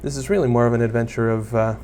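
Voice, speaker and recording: Rapid-fire and fairly even in intonation, a young man's middle-pitched, slightly mellow voice runs through loose Let's Play commentary on a block-building game. This gaming YouTuber mocks himself often and chats with viewers and mobs, while a faint ambient hum stays in the background.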